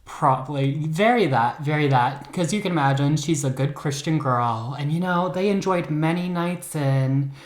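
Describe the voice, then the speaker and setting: A man's voice: on the high side, normal speed, hardly any pauses. A man co-hosting a podcast, telling a true-crime story in a campy, joking, casual way. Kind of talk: casual chat. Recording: roomy echo.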